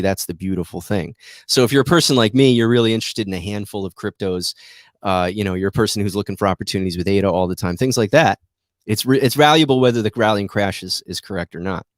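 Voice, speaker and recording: A man's voice: fairly low pitch, no room sound, studio quality. A man hosting a trading show, giving rambling, self-deprecating market commentary that keeps turning into a rant.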